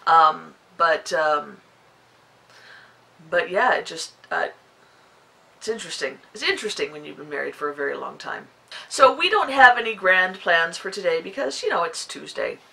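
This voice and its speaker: A woman's voice: on the low side, big pitch swings, normal speed, creaky, sharp tone, poor audio. A woman in her forties hosting her knitting podcast, chatting casually to the camera and rambling with lots of fillers. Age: 40s.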